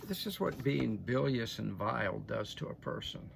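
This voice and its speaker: A man's voice: mid-range voice, very animated, normal speed, creaky, slight background noise. An older man delivering opinionated news commentary to his audience in a folksy, emphatic way, often checking in with "okay?". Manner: folksy, emphatic, frequent restarts and "okay?" asides. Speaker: political commentator.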